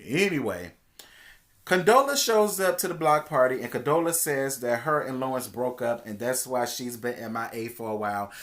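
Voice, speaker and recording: A man giving a casual, sassy TV episode recap, chatty and expressive, calling his viewers "girl.". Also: mid-range voice, moderate pace. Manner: expressive, swings between hushed asides and loud exclamations. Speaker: TV show reviewer.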